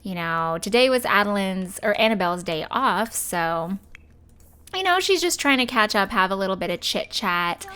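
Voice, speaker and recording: A young woman hosting a let's play, chatting casually as she plays and voicing her game characters in quick asides. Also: medium pitch, expressive, pushed and bright, clean tone. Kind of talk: casual gameplay commentary.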